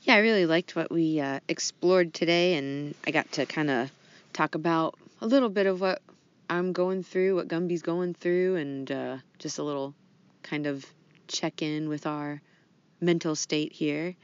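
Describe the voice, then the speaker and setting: A woman's voice: low-pitched, fairly even intonation, measured pace, smooth. A woman co-hosting a podcast, chatting casually and reading out a listener's letter. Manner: laughs easily, casual with fillers. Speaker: podcast co-host. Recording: dry, dull lo-fi sound.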